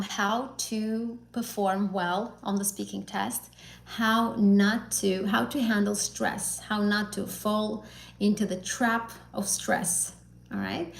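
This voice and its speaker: A woman's voice: medium pitch, gravelly, reverberant, rough recording. A woman teaching an exam prep lesson on a live stream, talking casually and encouragingly with fillers and self-corrections. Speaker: IELTS teacher.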